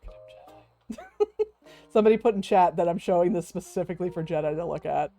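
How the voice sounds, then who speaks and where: A woman's voice: lowish voice, fast talker, mellow, faint music behind. A woman, chatting casually with her stream viewers, laughing often, swearing freely and cooing over cute things.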